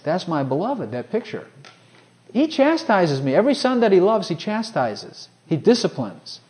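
A man preaching a sermon, swinging from hushed, personal asides to loud, ringing scripture quotes. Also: high-pitched, wildly swooping pitch, normal speed.

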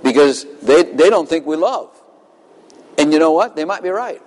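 A man preaches with fervent emphasis, reading scripture dramatically. His voice sits somewhat high for a man. The sound carries a long reverb from a large hall. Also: expressive, moderate pace, a little mellow. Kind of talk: sermon.

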